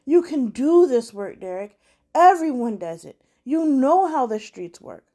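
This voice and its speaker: A woman's voice: sing-song, a little slow, dark tone, full character voice. A woman voicing a distraught middle-aged mother who pleads tearfully with her son. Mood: pleading. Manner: pleading, tearful, higher pitched.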